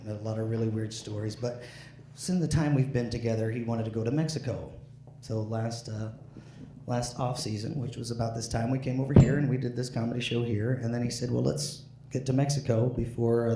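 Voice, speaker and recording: This is a slightly drunk comedian on stage, his mid-range voice rambling through the set with many fillers and restarts. The room is echoey, with faint ambience and a noisy background.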